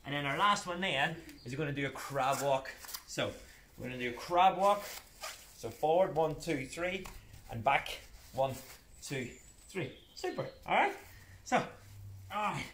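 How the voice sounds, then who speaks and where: Male kids' PE coach, slightly high voice, upbeat cueing, roomy echo off a distant camera. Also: lively intonation, measured pace, pauses often, fairly bright tone, slight background noise. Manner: upbeat, playful, step-by-step cueing. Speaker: children's PE coach. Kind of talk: live exercise class instruction. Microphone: camera set back across the room.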